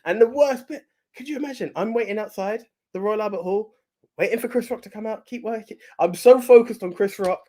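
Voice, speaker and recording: A man co-hosting a podcast in casual chat, excitable, swearing freely and acting out what others said. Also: sits high, a little fast. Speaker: podcast co-host.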